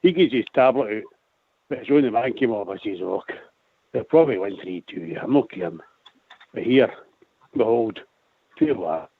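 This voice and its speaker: A man phoning in to a radio show, excitable, tripping over and repeating his words. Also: lowish voice, normal speed, long pauses, slightly rough. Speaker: caller. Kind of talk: casual call-in chat. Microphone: phone. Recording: tinny phone line.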